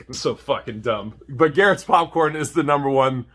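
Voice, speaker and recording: Guy comedian riffing to camera, cusses nonstop, bright forceful tone. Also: medium pitch, unhurried, breathy edge. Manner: profane, laughs at own jokes.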